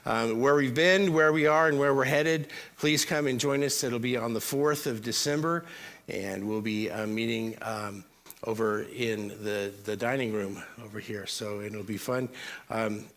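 A man's voice: medium pitch, fairly bright tone. A male pastor giving a sermon to his congregation, chatty and joking with asides to the crowd. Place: church service before a congregation.

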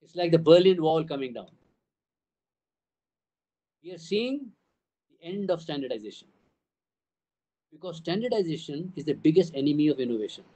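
Older Indian English man, high voice, speaking emphatically to parents at a town hall, stacking points in repeated phrases. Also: animated, moderate pace, long pauses, mellow. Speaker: school trust CEO addressing parents.

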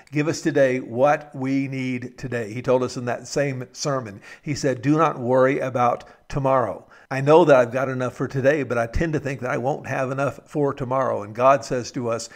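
A man preaching a sermon, telling stories and raising his voice for quoted lines, slowing down for emphasis. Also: mid-range voice. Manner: storytelling, raises voice for quoted lines; slows for emphasis, restarts words. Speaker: pastor.

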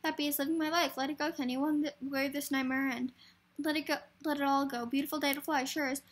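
Woman, script reading for a variety show, high-pitched, quick, stumbling restarts. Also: steady tone.

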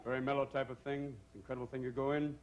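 A man's voice: mid-range voice, flat delivery, fast, a little hiss or hum. A man doing a manic stand-up routine on a comedy club stage, jumping between voices.

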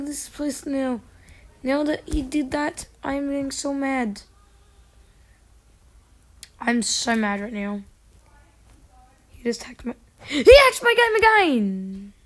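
A woman hosting a gaming channel, giving casual gameplay commentary with excitable, frustrated outbursts. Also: high voice, slow pace, pauses often.

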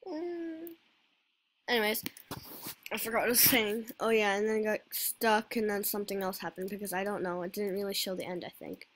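A woman's voice: mid-range voice, little pitch movement, fast talker, fairly bright tone, slight background noise. A woman giving casual, rambling gameplay commentary full of fillers as host of her own channel. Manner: rambling, forgetful, filler-heavy.

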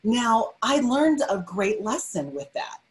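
A middle-aged woman giving a motivational webinar talk, energetic and emphatic, often repeating her key phrases. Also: fairly high pitch, slow, low-quality recording. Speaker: webinar speaker.

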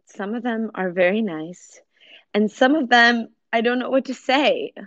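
A woman's voice: a little high, measured pace, a bit bright, no room sound, highs cut off. A woman casually chatting with viewers on a livestream from her kitchen, giggly and answering their comments. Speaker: livestream host. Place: home kitchen.

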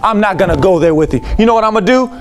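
A man giving a lively talk to teachers, telling classroom stories and leading call and response. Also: high voice, racing, a little hiss or hum. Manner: lively storytelling with call and response, acts out students. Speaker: teacher speaking to educators.

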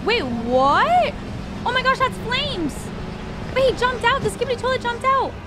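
A woman hosting a reaction video, excitable, gasping often and talking to her viewers as she watches an animation. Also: very high-pitched, measured pace, very noisy.

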